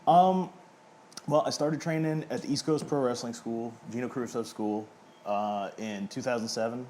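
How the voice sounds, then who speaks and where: A man's voice: medium pitch, moderate pace, mellow, a little hiss or hum. A man in his thirties, an independent pro wrestler, chatting casually and self-deprecatingly in an interview. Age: 30s. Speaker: indie pro wrestler guest.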